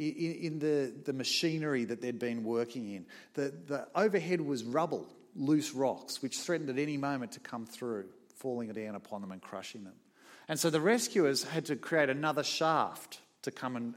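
A man preaching a sermon in a church. His voice sits at a middle pitch. He is emphatic, dropping to soft, low asides and then rising into loud, pressing points.

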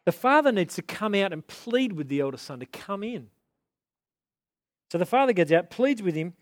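A man delivers a lively sermon in a somewhat high voice. The sound is dry and close to the mic. He swings into indignant, mocking outbursts as he drives his points home. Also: normal speed, dry recording. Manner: animated, rising to indignant mock outbursts. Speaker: pastor.

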